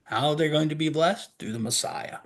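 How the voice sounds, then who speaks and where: A man's voice: fairly high pitch, brisk, a bit bright. A man preaching a sermon, reading scripture aloud and stopping to explain it, posing questions and answering them himself. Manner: earnest, reads scripture aloud and stops to explain it. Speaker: pastor.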